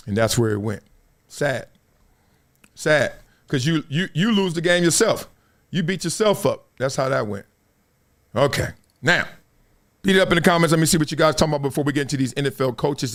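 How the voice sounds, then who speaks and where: Animated slangy man, lively pitch. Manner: animated, slangy, swings between loud bursts and low mutters. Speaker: sports show host. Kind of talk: casual storytelling monologue.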